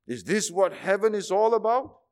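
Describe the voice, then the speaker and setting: Emphatic preacher, a man with a high voice, repeating phrases and asking rhetorical questions. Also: lively intonation, normal speed. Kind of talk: sermon.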